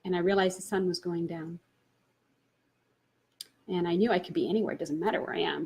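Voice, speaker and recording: A woman's voice: lowish voice, a little fast, long pauses, darkish tone, slightly rough. A woman, a spiritual teacher, telling a personal story and laughing often as she retells it.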